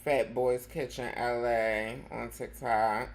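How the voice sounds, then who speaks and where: A woman's voice: a bass voice, steady tone, gravelly. A woman hosting a live commentary show, sassy and full of slang, calling everyone honey. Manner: sassy, calls listeners honey, drawn-out slang. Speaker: host.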